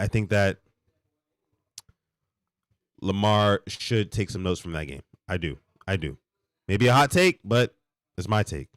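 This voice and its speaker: A man hosting a late-night live sports reaction stream, hoarse and a little sick, ranting in an animated, exasperated way with frequent restarts. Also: fairly low pitch, dry recording, clean studio sound. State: hoarse, under the weather. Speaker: podcast host.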